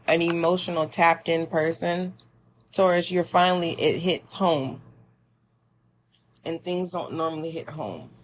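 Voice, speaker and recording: Woman, tarot reader, low pitched, thinking aloud, speaks straight to the listener. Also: a little hiss or hum. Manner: meandering, musing, addresses the listener directly. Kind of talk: spiritual tarot reading.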